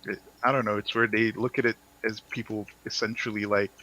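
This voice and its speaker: A man from Jamaica chatting casually as a guest, rambling loosely and laughing loudly and often. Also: fairly low pitch, flat delivery, a little fast, lo-fi sound. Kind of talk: casual chat. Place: home, lives in the United States.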